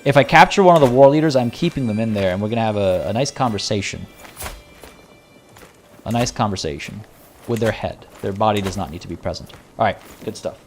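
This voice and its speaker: A man's voice: lowish voice, fast, few pauses, faint music behind. A man casually talking through a strategy game on a live stream, chatty and wry, with mock-villainous asides. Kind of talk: casual live gameplay commentary.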